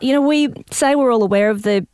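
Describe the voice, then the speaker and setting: An Australian woman in her forties hosting an interview, telling a story in a relaxed way and giving short agreeing replies. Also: a little high, fairly quick, no echo. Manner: brief affirming backchannels, relaxed storytelling. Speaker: interviewer host. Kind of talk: casual conversational interview.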